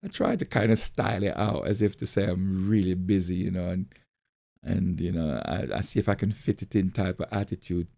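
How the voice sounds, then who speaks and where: A man's voice: sits low, fairly quick, vocal fry, warm tone. A middle-aged male pastor giving a motivational sermon, telling a personal story and repeating key phrases. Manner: storytelling, repeats phrases, acts out quoted voices.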